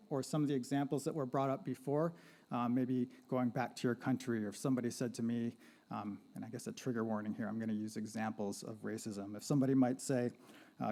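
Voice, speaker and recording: At an art gallery panel event, a man with a medium-pitched, dark-toned voice gives a lecture-style but conversational talk. He checks in with "right?", asks the audience questions, and invites them to participate.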